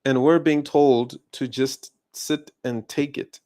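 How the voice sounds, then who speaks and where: A South African man with a South African accent delivers an indignant commentary, firing off rhetorical questions. His voice sits at an ordinary middle pitch. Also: fairly even intonation, slow, dark tone. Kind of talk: ranting video commentary.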